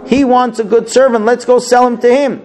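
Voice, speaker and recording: A man playing eager male traders pitching a sale in a storybook retelling. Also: little pitch movement, fairly quick, darkish tone. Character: eager male slave traders, pushy sellers.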